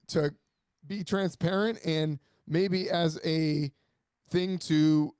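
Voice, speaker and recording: A man's voice: on the high side, takes it slowly, darkish tone, no room sound, studio quality. A man co-hosting a sports talk radio show, chatting casually and going off on emphatic rants. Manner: ranting, emphatic. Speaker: radio co-host.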